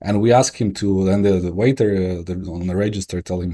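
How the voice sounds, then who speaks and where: A man with a Ukrainian accent, a guest investor telling stories in a casual, halting way with many restarts. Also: lowish voice, warm tone. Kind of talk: casual interview storytelling.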